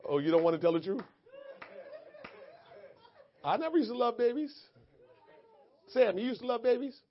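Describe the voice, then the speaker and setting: A man's voice: very high voice, lively intonation, moderate pace, muffled recording. A man preaching a sermon in church, talking casually and then praying with rising fervor. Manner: conversational preaching building to fervent shouted prayer. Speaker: pastor. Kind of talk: sermon and prayer.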